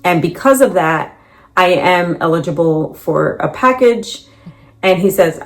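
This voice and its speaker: A middle-aged woman telling the story of her layoff, with lively quotes of what others said. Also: lowish voice, moderate pace. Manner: animated, quotes others in dialogue. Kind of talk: storytelling in a reacted clip.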